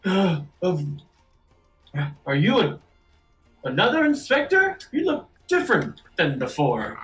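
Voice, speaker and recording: A man's voice: high voice, huge pitch swings, slow pace, a bit bright, echoey room, distant mic, soft background music, pitched above the performer's own voice, full character voice. A man playing a whimpering, panicked ship captain. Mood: frightened. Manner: whimpering, nervous stammer. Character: panicked cowering male airship captain.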